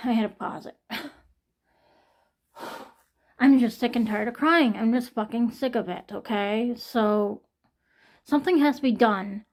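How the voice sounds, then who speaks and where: A woman's voice: fairly high pitch, a little slow, pauses often. A young woman in an emotional personal vlog, venting and swearing, shaky and near tears from pain. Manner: distressed, venting, swearing often. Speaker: vlogger.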